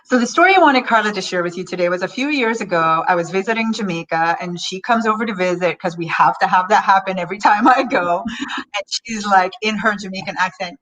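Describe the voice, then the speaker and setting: A woman hosting a motivational online session, talking in a bubbly, animated way and often laughing. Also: mid-range voice, a little fast, low-quality recording. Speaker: host.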